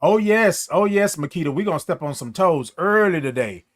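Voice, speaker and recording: A middle-aged man hosts a morning livestream in an animated way. He greets viewers by name and stretches his greetings into sung-out calls. His voice sits high, and the sound is dry and close. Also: no room sound. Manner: animated, sings out drawn-out good mornings. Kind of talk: casual livestream talk.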